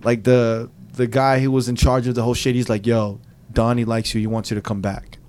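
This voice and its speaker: A man and DJ telling a story in casual podcast chat, profane and animated, slipping into quoted voices. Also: medium pitch, a little fast, smooth.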